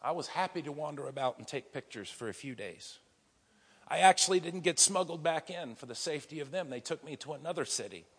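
A man with a slightly high, husky voice preaches a sermon. He tells stories with vivid energy, dropping to a hush and then rising loud again. His voice rings with the long reverb of a large hall. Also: animated, brisk. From United States. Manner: vivid storytelling, swinging from hushed to loud. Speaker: pastor.

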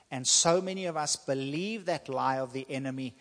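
A man preaching a sermon to his congregation, emphatic and repetitive, with slow dramatic pauses. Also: mid-range voice. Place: church hall. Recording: long church hall reverb.

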